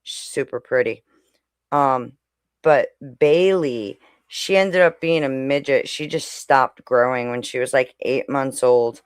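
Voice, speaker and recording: Slow-talking chatty woman. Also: a bass voice, smooth, dry recording, clean studio sound. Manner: chatty, coos and talks to her pets while speaking. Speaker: co-host. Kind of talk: casual chat.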